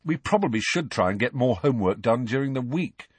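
A man's voice: medium pitch, animated, a little fast, breathy edge, no room sound. A man voicing a loyal, tired teenage schoolboy who mutters his lines, in an audiobook. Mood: muttering.

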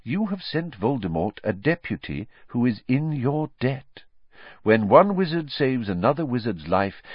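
Dumbledore, read by a man, quiet old wizard. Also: fairly low pitch, slightly rough, no echo, heavily acted. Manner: quiet, measured, gently wry. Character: very old headmaster wizard, calm and wise. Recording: slightly dull lo-fi audio.

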